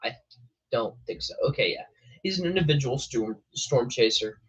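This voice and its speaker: A man's voice: mid-range voice, expressive, normal speed, fairly bright tone, husky, poor audio. A young man hosting a weather show, chatting casually on a live stream, laughing often and calling people bro. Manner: laid-back, laughing, says bro a lot.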